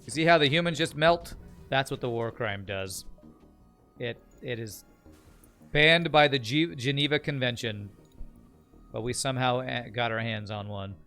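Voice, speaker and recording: A man's voice: mid-range voice, measured pace, long pauses, sharp tone, faint music behind. A man streaming a strategy game, chatting casually, joking and thanking viewers as he plays. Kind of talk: casual live-stream commentary.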